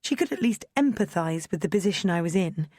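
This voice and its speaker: A woman narrating a first-person audiobook in a measured, gently expressive storytelling manner, recorded on a close studio mic. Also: on the low side, no echo.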